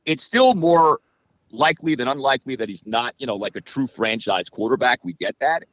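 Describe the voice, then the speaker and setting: Animated man breaking down football analytics. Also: medium pitch, brisk, no room sound, dull audio. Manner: animated, analytical, many fillers. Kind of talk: casual podcast chat.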